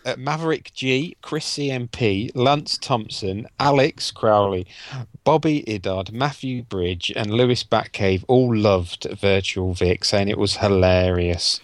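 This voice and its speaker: A man's voice: lowish voice, a little slow, no echo. A man co-hosting a podcast, reading out listener comments in a dry, matter-of-fact way. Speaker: podcast co-host.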